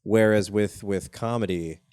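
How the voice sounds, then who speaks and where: A young man hosting a comedy podcast, telling rambling anecdotes in casual chat, swearing and jumping up in pitch when excited. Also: unhurried, clear, resonant tone, dry recording. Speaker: podcast host.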